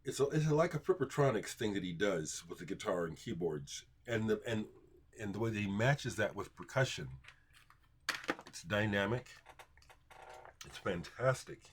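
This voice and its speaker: A man hosting a casual livestream, rambling about records and answering viewer comments out loud. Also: lowish voice, lively intonation, normal speed, pauses often, background noise. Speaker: livestream host showing records.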